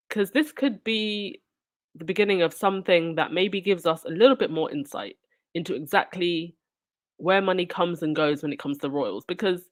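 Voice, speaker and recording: Sarcastic woman commenting on royal news. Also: fairly low pitch. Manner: sarcastic, indignant asides. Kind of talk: reading news aloud and commenting.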